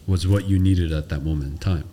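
Deep-voiced man hosting, quietly affirming. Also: fairly even intonation, brisk, slight background noise. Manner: supportive listener, frequent short affirmations. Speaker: podcast host. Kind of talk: casual podcast conversation.

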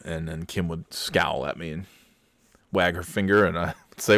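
A man telling a family story in a casual, animated way, with laughs and quick restarts. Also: low voice, no echo, clean studio sound.

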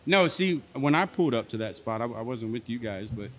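A man's voice: medium pitch, animated, fairly quick, a bit bright. A man in casual chat, making his points emphatically with stammering restarts.

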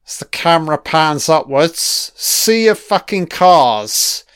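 Brief: male commentator, sweary and sarcastic, unhurried, dry close sound. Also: fairly high pitch, expressive, a bit bright, clear, resonant tone, no room sound. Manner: profane, sarcastic, grumbling. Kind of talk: ranting audio commentary on a TV episode.

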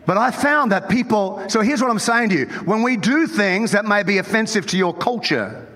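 A man with an Australian accent, the lead pastor, preaching an animated, joking sermon. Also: high voice, fairly quick. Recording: long hall reverb.

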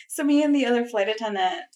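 A young woman flight attendant hosting a podcast, chatting casually and telling lively work stories with frequent laughter. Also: on the high side, brisk. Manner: animated storyteller who laughs often.

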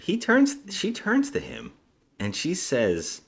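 A man's voice: mid-range voice, measured pace, breathy edge. A man co-hosting a bad-movie podcast, casually retelling the plot and acting out the characters' lines. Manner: animated retelling with acted-out dialogue.

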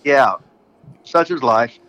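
A man's voice: medium pitch, slow, a bit bright, muffled recording. An older American man, a retired wrestler, telling rowdy stories as a guest, swearing constantly and laughing mid-sentence. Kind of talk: profane casual storytelling.

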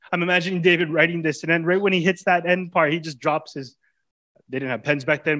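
A man in his thirties, a pastor preaching with passion, his colloquial talk swinging from loud urging to hushed intimacy. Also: fairly high pitch, fairly even intonation, quick pace. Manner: colloquial preaching, casual grammar. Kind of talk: sermon.

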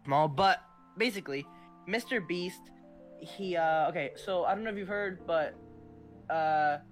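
Excitable young podcast co-host, chatty. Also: medium pitch, soft background music. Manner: excitable, laughs often, quick asides. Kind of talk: casual chat.

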